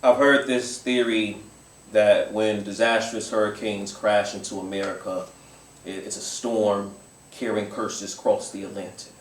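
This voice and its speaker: A man performing a spoken-word poem in a measured delivery that builds in intensity. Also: on the low side, little pitch movement, distant mic. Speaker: competing poet. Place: museum event space with live audience. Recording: echoey room picked up from afar.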